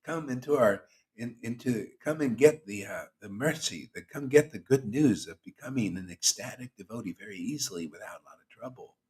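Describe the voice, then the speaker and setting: A man's voice: fairly low pitch, lively intonation, a little fast, darkish tone. A man as spiritual teacher, giving a casual, teasing devotional sermon to an online group.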